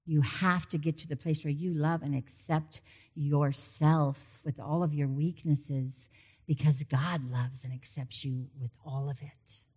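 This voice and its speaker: A middle-aged woman giving a conversational sermon, breaking off into animated asides and personal stories before returning to the text. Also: sits low, measured pace, slightly rough. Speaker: preacher.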